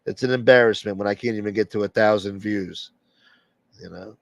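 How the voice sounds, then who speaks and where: A man's voice: fairly low pitch, a little fast, creaky, no room sound. A man hosting a late-night livestream and rambling bluntly through strong opinions in casual chat. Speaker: livestream host.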